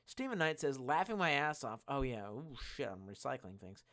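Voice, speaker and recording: A drunk man streaming, reading chat aloud and rambling with constant swearing and sudden loud outbursts. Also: mid-range voice, sing-song, normal speed. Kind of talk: casual live-stream chat.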